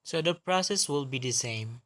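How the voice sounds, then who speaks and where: A man presenting a lesson on English intonation patterns, explaining each step slowly and carefully. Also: medium pitch, expressive, fairly bright tone. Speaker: student presenter.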